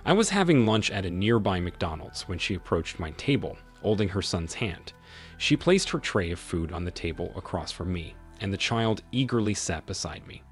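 A man narrating a scripted first-person story in a measured, expressive reading. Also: sits low, soft background music.

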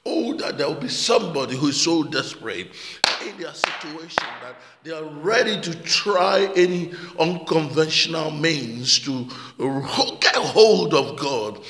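A man's voice: a little high, lively intonation, a little slow, fairly bright tone. A male pastor preaching a passionate sermon, repeating words and calling out amen and hallelujah. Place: church hall. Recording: echoey church hall with long reverb.

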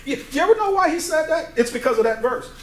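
A man's voice: extremely high pitch, animated, quick pace. A male pastor teaching a Bible study sermon in a conversational way, asking his congregation to fill in words as he reads scripture aloud. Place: church sanctuary. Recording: echoey church room, faint noise.

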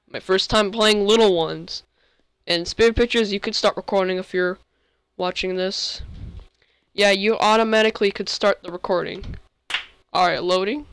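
A young male gamer giving rambling, excitable commentary while playing, often breaking into sudden outbursts. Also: sits high, moderate pace, pauses often, smooth, dry recording. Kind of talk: game commentary. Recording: faint music behind.

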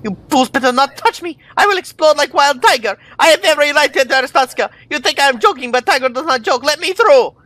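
A man's voice: very high-pitched, animated, fast, hardly any pauses, sharp tone, dry recording, pitched above the performer's own voice, heavily acted. A man voicing a fierce, defiant foreign woman traveler who speaks broken English and makes boastful threats.

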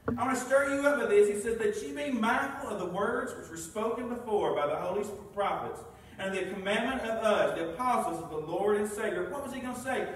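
A man's voice: high voice, fairly bright tone, slight background noise. A man preaching a sermon, reading scripture aloud and asking the congregation questions. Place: church sanctuary. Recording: very echoey room, mic far off.

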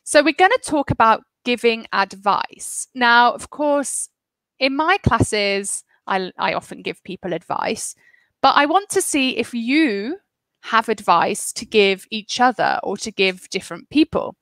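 Bright-voiced woman teaching English online. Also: on the high side, expressive, unhurried, no echo, rough recording. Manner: encouraging, clear teacher talk with praise and explanations. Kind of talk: live online language class.

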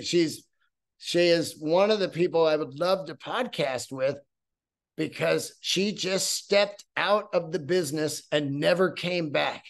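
Profane rambling podcast host, fairly high voice. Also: male voice, unhurried, creaky. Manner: profane, rambling, animated storytelling. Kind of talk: solo podcast monologue.

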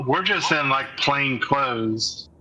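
A man's voice: medium pitch, expressive, slow pace, sharp tone, slight background noise, poor audio. A man playing in a tabletop game, explaining his moves casually. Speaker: player.

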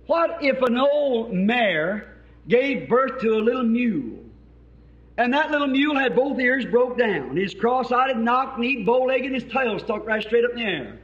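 Fervent high-voiced Southern preacher, old tape. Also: male voice, animated, unhurried. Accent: Southern American. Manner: fervent, rising to shouts, then soft prayer. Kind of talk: sermon. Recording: dull lo-fi archival tape.

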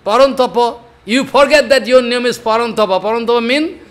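A man's voice: very high voice, brisk. An older man giving a devotional discourse, chanting verses and explaining them with repeated emphatic phrases. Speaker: spiritual teacher.

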